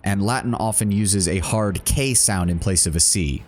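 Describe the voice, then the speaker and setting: A man's voice: fairly low pitch, normal speed, hardly any pauses, soft background music. A man narrating as game master of a tabletop role-playing game, then rambling and correcting himself in casual chat with the players. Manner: rambling, self-correcting when chatting.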